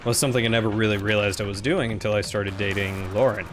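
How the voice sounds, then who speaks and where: A man with a deep voice, casually chatting and reflecting while streaming a video game. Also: fairly even intonation, fast talker, slight background noise. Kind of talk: casual chat while playing. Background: game music.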